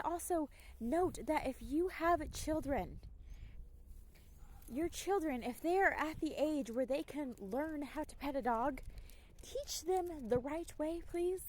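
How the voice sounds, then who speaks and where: A young woman dog trainer giving casual, emphatic advice, slipping into quick acted asides. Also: high voice. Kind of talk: casual talking-head advice.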